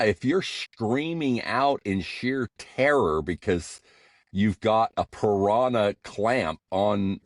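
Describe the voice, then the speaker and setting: A man's voice: on the low side, no room sound, clean studio sound. An older man co-hosting a podcast, joking in playful banter. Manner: jokey, playful banter with quick laughs. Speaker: podcast co-host. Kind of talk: casual comedic chat.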